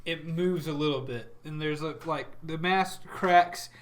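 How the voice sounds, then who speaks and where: A man narrating a tabletop battle as dungeon master, with a slightly high voice. He lays out brutal, gory action in vivid detail and keeps breaking into laughter. There is a faint hiss behind him. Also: a little slow.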